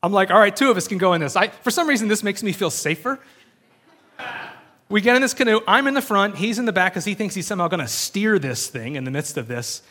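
A man's voice: high voice, brisk. Man preaching in a chatty story style. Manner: animated storytelling with frequent fillers, acts out voices. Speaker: pastor. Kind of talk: sermon.

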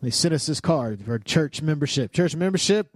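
A man's voice: mid-range voice, a little fast, breathy edge, dry recording. A man preaching a sermon, mixing playful storytelling and jokes with earnest, heartfelt exhortation. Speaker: pastor.

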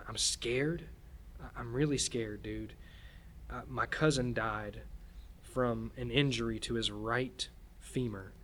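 A man of middle pitch tells a story as a podcast guest, halting often and circling back over his words. His telling is earnest and shaken. Faint ambience sits low behind him. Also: a bit bright, a little hiss or hum. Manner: halting, repeats words and restarts while recounting. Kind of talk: casual storytelling.

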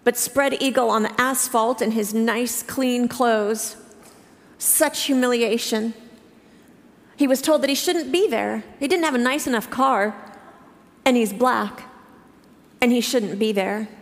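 A woman in her fifties preaching a sermon to her church, telling a personal story earnestly, with halting restarts. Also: on the high side. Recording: reverberant hall.

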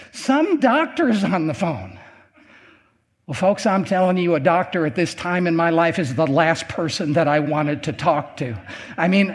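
An older man preaching a testimony sermon in a folksy storytelling way, acting out the voices of the people in his story. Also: a little high. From American Midwest.

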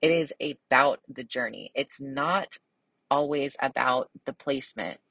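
A young woman talks to her listeners in a casual solo podcast. Her voice sits low and carries a husky edge. She chats in a bubbly way, leans on fillers, and still takes care to pronounce each word crisply. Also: measured pace, fairly bright tone, dry recording, poor audio. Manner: bubbly, chatty, lots of fillers. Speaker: podcast host.

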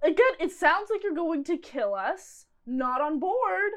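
A woman's voice: very high voice, lively intonation, a little slow. A woman playing a tabletop role-playing game, emphatic and incredulous in character. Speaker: player.

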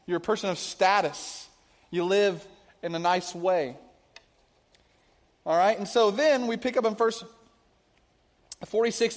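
Pastor, male, high voice, chatty sermon delivery, long hall reverb. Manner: conversational preaching, asks the congregation questions. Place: church venue with a cafe.

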